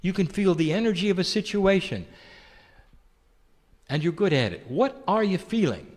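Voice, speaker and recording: Man giving a lively channeled spiritual talk. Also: sits high, moderate pace, long reverb tail. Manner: gentle rhetorical questions, calls listeners "dear one".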